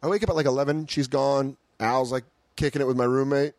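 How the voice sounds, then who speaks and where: A man hosting a comedy podcast, telling a story in a casual chat and acting out quotes with big jumps in pitch, swearing freely. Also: fairly even intonation, quick pace, darkish tone, no echo. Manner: swears freely, laughs through stories.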